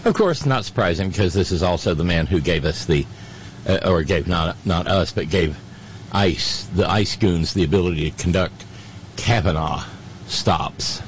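Talk radio host, male, low-ish and slow, halting and sardonic, faint hiss. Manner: halting, many fillers and stammered restarts; sardonic, mocking asides. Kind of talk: casual on-air commentary.

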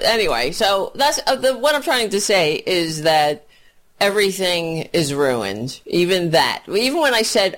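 A hoarse woman doing a profane, scornful political rant on a livestream, often clearing her throat and laughing. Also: fairly low pitch, sing-song, normal speed, a bit bright. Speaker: political commentator.

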